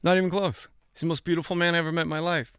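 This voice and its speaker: A man guesting on a podcast, telling comic stories in an animated, profane way, acting out quotes with sudden shouts. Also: fairly high pitch, rapid-fire, clear, resonant tone, no room sound, clean studio sound. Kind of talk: comic storytelling in a podcast interview.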